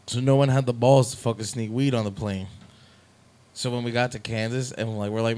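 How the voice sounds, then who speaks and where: A man's voice: medium pitch, steady tone, a little fast, warm tone. A young man telling a long, profane, rambling story about playing music on tour, in a casual podcast chat.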